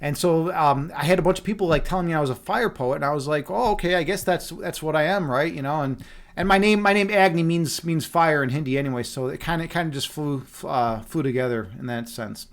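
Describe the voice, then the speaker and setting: High-voiced playful male stream host. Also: a little fast. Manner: playful, loose, many fillers and restarts. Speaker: livestream host reading chat. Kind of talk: casual rambling chat.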